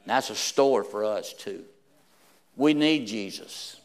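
A man preaching a sermon, reading scripture aloud and swinging between hushed, slow lines and loud, rising ones. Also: fairly low pitch.

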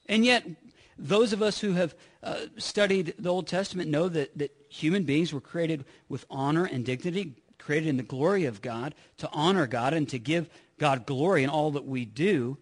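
A male preacher with a high voice delivers a sermon earnestly. He often stumbles and repeats himself, and his volume rises and falls between loud and hushed passages. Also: normal speed.

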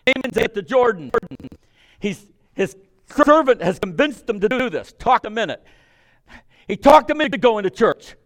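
A man preaching a sermon, reading scripture and retelling it with animated emphasis and conversational asides to his listeners. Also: extremely high pitch, moderate pace.

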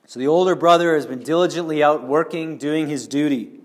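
A man's voice: a little high, fast talker. A man preaching a sermon, earnestly explaining and speaking directly to the congregation.

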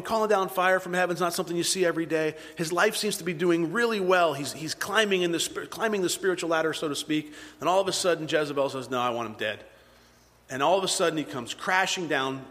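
A man preaching a sermon, moving between loud emphatic peaks and hushed, near-whispered passages. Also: on the high side. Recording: long hall reverb.

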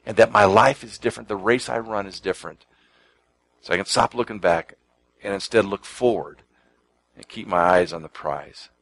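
A man's voice: fairly low pitch, low-quality recording. Man preaching in a conversational voice. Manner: conversational preaching, repeats words, quotes scripture; shifts from soft near-whispers to emphatic lines. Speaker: pastor. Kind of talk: sermon.

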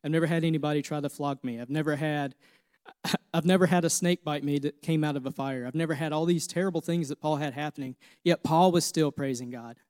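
A man's voice: a little high, fairly even intonation, fairly quick, darkish tone, dry recording, clean studio sound. A man in his thirties preaching a sermon, earnest and personal, repeating phrases as he tells his own story. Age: 30s. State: emotional, near tears. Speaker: pastor.

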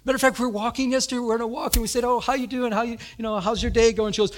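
A middle-aged man preaching a sermon, telling stories with animated energy and laughter. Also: fast talker. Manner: animated storytelling, laughing, rising to high emphatic peaks. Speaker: pastor.

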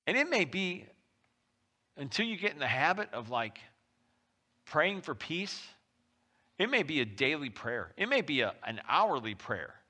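Pastor guy giving a sermon, bright sharp voice, goes loud then quiet a lot. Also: on the high side, measured pace, long pauses. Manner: lively, conversational preaching with sudden loud pushes and soft drops. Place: church.

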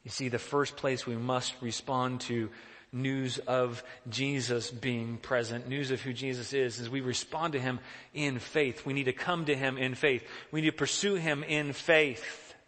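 Earnest preacher with a bright voice. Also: male voice, medium pitch, fairly even intonation, measured pace, long reverb tail. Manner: earnest, questioning, emphatic. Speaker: pastor. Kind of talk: sermon.

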